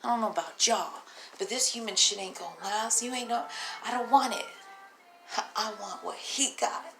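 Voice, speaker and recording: A woman's voice: on the high side, moderate pace, over music. A tired single mother talking straight to her phone camera in a raw, profane, rambling vlog, laughing to herself between thoughts. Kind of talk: raw unscripted vlog monologue.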